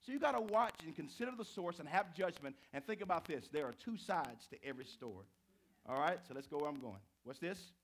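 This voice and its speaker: A man preaching a sermon to a live congregation, telling stories with big swings from quiet to shouting. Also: fairly quick. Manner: animated storytelling, swinging from low to shouted. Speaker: pastor.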